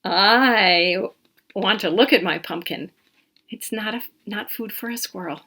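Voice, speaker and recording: A woman voicing a young boy from a picture book, speaking in an earnest, protective way in her own slightly gravelly, husky voice. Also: mid-range voice, a little slow, sharp tone. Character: young boy proud of his big pumpkin.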